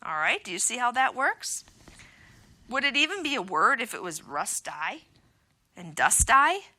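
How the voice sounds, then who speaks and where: A woman teaching a remote phonics lesson to young children in a slow, sing-song, encouraging teacher voice. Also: a little high, very animated, bright, forceful tone. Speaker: kindergarten teacher.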